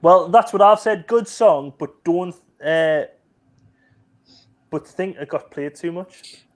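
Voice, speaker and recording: A man's voice: high voice, takes it slowly. A man in his forties hosting a casual live-stream chat, joking and teasing his guests. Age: 40s. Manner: jokey, teasing. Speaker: host.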